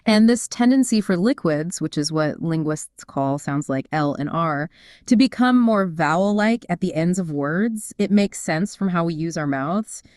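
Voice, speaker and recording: A woman's voice: fairly low pitch, expressive, a little slow, a little mellow, dry recording, clean studio sound. A woman co-hosting a casual explainer chat, upbeat and explanatory, with frequent fillers. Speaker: co-host.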